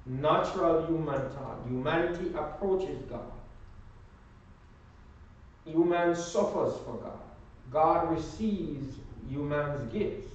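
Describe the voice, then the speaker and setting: A man teaching a Sunday Bible class, speaking slowly and with emphasis and prompting his listeners to finish his sentences. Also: fairly high pitch, slight background noise. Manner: slow, emphatic delivery. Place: church classroom. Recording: echoey room from far off, dull.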